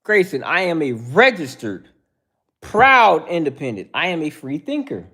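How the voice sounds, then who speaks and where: Guy on his livestream going off at chat, lively swingy voice, says bro every line. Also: on the high side, unhurried, breathy edge. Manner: heated, preachy, says "bro" constantly; addresses chatters by name. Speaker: livestream host. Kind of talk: casual livestream chat answering viewers.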